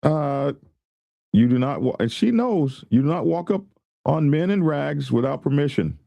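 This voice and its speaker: A man's voice: fairly high pitch, animated, moderate pace, gravelly, dry recording, highs cut off. A man hosting a show, giving rambling casual commentary and reading viewer comments aloud. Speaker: host.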